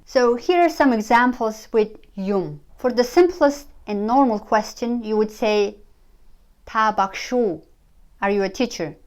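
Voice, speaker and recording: A woman's voice: a little high, a little mellow. Woman teaching. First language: Mongolian. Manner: slow, careful, repeats example phrases. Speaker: language teacher. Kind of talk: pronunciation lesson.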